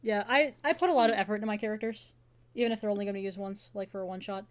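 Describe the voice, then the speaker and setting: A woman's voice: medium pitch, rapid-fire. A woman running a tabletop one-shot as game master, rambling with joking asides.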